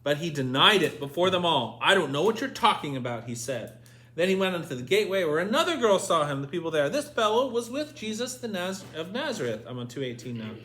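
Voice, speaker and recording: A man's voice: high-pitched, big pitch swings, a little fast, fairly bright tone. A man leading a Bible study lesson, asking his group questions and reading scripture aloud. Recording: echoey room with faint noise.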